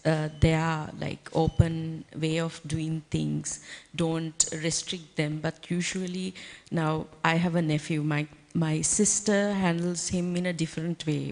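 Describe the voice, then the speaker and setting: A woman's voice: on the low side, darkish tone. A woman hosting an interview who asks hesitant questions with laughs. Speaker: interviewer host. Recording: long reverb.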